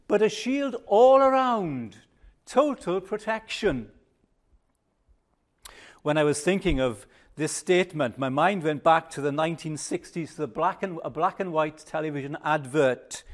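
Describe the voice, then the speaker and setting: An older man preaching a sermon, measured and emphatic, dropping to a hush on reflective pauses. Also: high voice.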